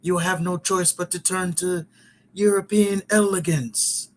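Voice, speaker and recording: A smug, pompous wrestler with a clumsy mock accent, as a man puts him on. He sounds insistent and raised in pitch. Faint background hiss. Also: fairly even intonation, a little slow. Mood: taunting. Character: pompous male European wrestler, smug lackey.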